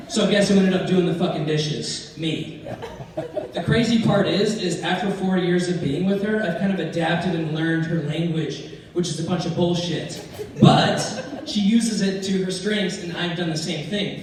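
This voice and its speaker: On a comedy club stage, a high-voiced man performs stand-up, telling brash, profane stories and acting out other people's lines. The echoey club is recorded from far off, with audience laughter and a noisy background.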